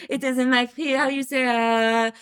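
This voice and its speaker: Casting: a woman doing a mock-French lady, hammy, groping for words, pitched slightly high. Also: little pitch movement, moderate pace, fairly bright tone, clear, resonant tone. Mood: playful. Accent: put-on French.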